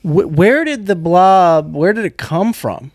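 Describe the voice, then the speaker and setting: A man's voice: high voice, lively intonation, measured pace, no echo, clean studio sound. A man co-hosting a podcast, reviewing a movie in casual, rambling chat and laughing often. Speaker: podcast co-host.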